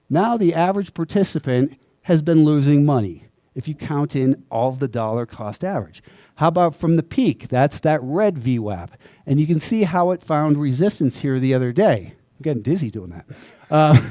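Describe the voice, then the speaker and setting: A man's voice: on the high side, mellow, no room sound, clean studio sound. A man giving a live conference talk as a trading educator, explaining charts in a conversational way and putting rhetorical questions to the audience.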